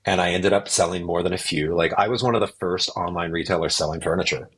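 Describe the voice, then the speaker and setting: A man's voice: low-pitched, fast, slightly rough. A middle-aged man, a podcast guest, telling his career story in casual conversation and acting out what others said to him. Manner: animated storyteller who acts out what others said.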